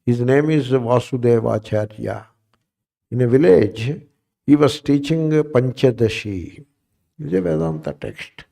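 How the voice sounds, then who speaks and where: Dark-toned man teaching a class. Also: mid-range voice, unhurried, gravelly. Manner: repetitive, asks the listeners questions. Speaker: Vedanta teacher. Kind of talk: spiritual class lecture.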